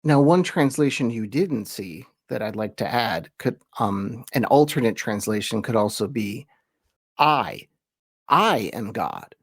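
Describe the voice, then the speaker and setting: A man's voice: fairly low pitch, husky, no room sound. Man teaching in a dry, close voice. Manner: reads quoted verses slowly with emphasis; relaxed, chatty explaining with asides. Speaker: host and teacher. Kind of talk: conversational lesson.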